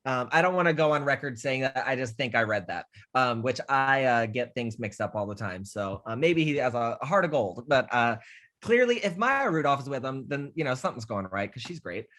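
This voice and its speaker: Animated young man ranting about films. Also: mid-range voice, fairly quick. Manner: rambling, animated, swears a lot, acts out scenes. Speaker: podcast host. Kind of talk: casual film chat.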